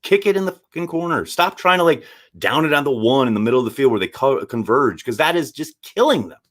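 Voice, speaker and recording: A man hosting a casual live stream, reading viewer chat and giving blunt, animated takes with the odd swear. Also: medium pitch, fairly quick. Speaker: sports show host reading viewer chat.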